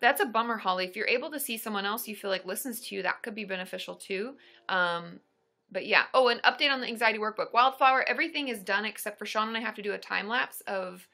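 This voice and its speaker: Bright bubbly woman hosting a livestream. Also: medium pitch, fast talker, gravelly. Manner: chatty, bubbly, answers viewer questions. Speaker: therapist and livestream host. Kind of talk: casual livestream chat.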